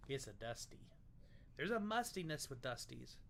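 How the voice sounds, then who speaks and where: Young guy joking around on a whiskey stream, bright sharp voice, faint background hum. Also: mid-range voice, sing-song, moderate pace, vocal fry. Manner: loose and joking, tasting bourbon on stream. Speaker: livestream host. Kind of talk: casual tasting chat.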